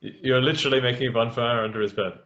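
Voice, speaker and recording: A man's voice: medium pitch, fairly even intonation, rapid-fire, a bit bright. A man running a tabletop game as game master, talking casually and hesitantly. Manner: hesitant, with many fillers and chuckles. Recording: dull lo-fi sound.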